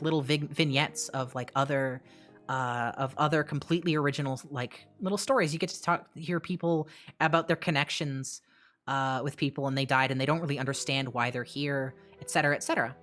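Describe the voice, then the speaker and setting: Her voice sits low as this streamer tells a story in a casual, lively way, cursing freely and jumping into fast asides and restarts.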